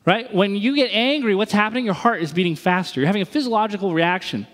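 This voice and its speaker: High-voiced man preaching in a reverberant hall. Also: fast talker. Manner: animated, acts out inner voices. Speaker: pastor. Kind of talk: sermon.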